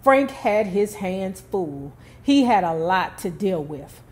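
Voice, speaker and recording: A woman's voice: mid-range voice, lively intonation, slow. A woman telling a true story, reading it out and breaking off for casual, emphatic commentary. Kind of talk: storytelling narration with asides.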